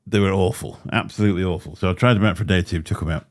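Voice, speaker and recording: A man's voice: sits low, racing. A man hosting a livestream, chatting in a rambling way with a slight lisp and frequent laughs. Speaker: livestream host. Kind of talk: casual chat. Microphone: desk microphone.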